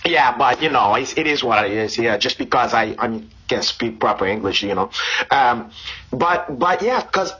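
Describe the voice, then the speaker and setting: Brief: man voicing a husky, deadpan Brazilian fighter host, heavy Brazilian Portuguese accent, crude and boastful, broken English. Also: medium pitch, normal speed, muffled recording, full character voice. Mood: brash. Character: brash, crude Brazilian jiu-jitsu champion man. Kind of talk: comic improvised podcast chat.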